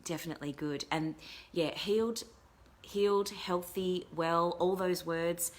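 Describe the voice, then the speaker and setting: Low-voiced chatty woman coach. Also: steady tone, unhurried. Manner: chatty, rambling, many fillers and restarts. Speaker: host and life coach. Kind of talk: casual live-stream talk.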